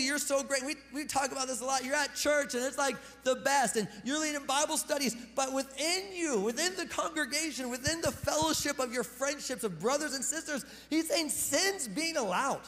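A man preaching a sermon in a relaxed, conversational way, with slang and joking asides. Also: very high voice, normal speed, in a large hall. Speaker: pastor.

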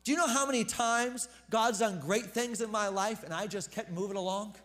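A man preaching a casual, conversational sermon as pastor, joking with the congregation and repeating words when he gets excited. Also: sits high, normal speed. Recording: long hall reverb.

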